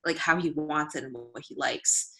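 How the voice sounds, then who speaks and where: A woman's voice: sits low, normal speed, creaky, a bit bright. A woman stand-up comedian telling a story in casual chat, full of "like" fillers. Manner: chatty, many "like" fillers, acts out quotes.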